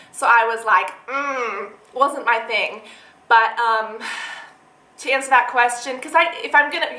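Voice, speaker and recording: A woman's voice: a little high, sharp tone. Chatty young woman vlogger, echoey room. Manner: chatty, rambling, many fillers. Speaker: beauty vlogger. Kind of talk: casual chat to camera.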